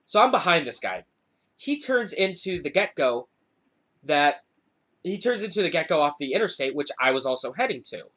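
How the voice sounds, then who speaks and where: A man's voice: a little high, normal speed. A young man hosting a podcast, telling a story casually with a lot of swearing. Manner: profane, animated storytelling. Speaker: podcast host. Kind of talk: casual chat.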